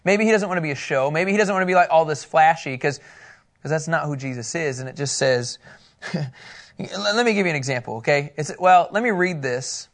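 A man teaching scripture to a live group in a casual, playful way, with quick asides and frequent laughter. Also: fairly high pitch. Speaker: pastor teaching a Bible study.

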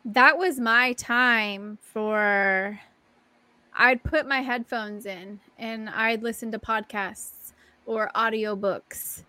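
A young woman co-hosts a laid-back podcast, talking in a loose, profane, emphatic way. Her voice is bright and sits a little high. The sound is dry and close. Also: slow pace, dry recording. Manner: casual, profane, emphatic storytelling. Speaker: podcast co-host. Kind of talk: casual chat.

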